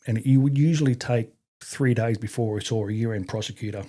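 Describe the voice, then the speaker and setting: An army veteran in his fifties, speaking with an Australian accent, tells stories casually as an interview guest. His lowish voice is steady and dark at a moderate pace, and he rambles with fillers and the odd casual swear word.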